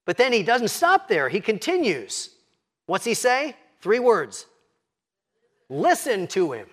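High-voiced man preaching a sermon. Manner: expressive, slows and drops to a hush for quoted scripture. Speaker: pastor.

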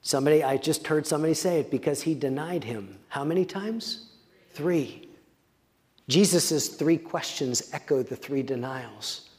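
A man preaching a sermon as a pastor, reading scripture slowly with quiet, dramatic pauses. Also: a little high, long reverb tail.

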